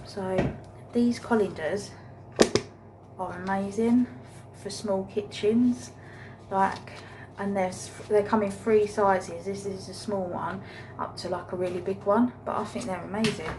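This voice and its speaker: A woman's voice: mid-range voice, fairly even intonation, unhurried, noisy background. A woman chatting casually in her home kitchen for a vlog, rambling and blunt with the odd swear word. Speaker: vlogger.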